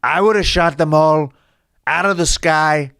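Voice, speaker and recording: A man's voice: a little high, creaky, fairly bright tone, clean tone, dry recording, studio quality, pitched above the performer's own voice. A man doing an impression of a boastful male politician who brags, repeats himself and keeps tagging on "okay?". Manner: bragging, repeating "okay?", drawn-out emphasis. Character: boastful brash male former president.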